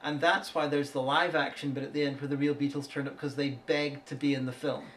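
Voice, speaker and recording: A man's voice: on the high side, flat delivery, fairly quick, a bit bright, a little hiss or hum. A man co-hosting a casual podcast, telling anecdotes and dryly correcting his partner. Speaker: podcast co-host. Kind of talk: casual chat.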